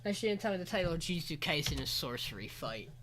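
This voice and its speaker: A man co-hosting a podcast, talking casually and excitably with frequent swearing. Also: a little high, rapid-fire, background noise. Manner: profane, excitable. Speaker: podcast co-host. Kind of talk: casual chat.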